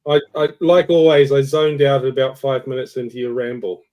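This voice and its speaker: A man's voice: medium pitch, fairly even intonation, fairly quick, dark tone. A man co-hosting a casual chat, trading dry teasing banter. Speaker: podcast co-host.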